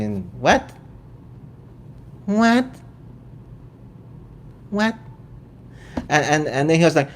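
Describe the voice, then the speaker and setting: A man's voice: a little high, big pitch swings. A man from Venezuela with a Venezuelan accent, hosting a casual vegan commentary show in a joking, incredulous way. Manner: incredulous, joking, quick asides. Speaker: vegan channel host.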